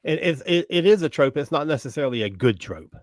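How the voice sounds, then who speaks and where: Male co-host, wry and halting, lively pitch, dry close mic. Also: no echo. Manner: hesitant, many restarts, wry. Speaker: podcast co-host. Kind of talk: casual chat.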